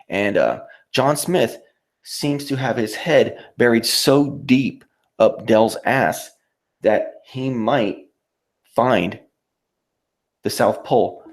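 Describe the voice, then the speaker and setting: A YouTube livestreamer with a medium-pitched voice and vocal fry rants on his own casual stream, rambling, profane and mocking.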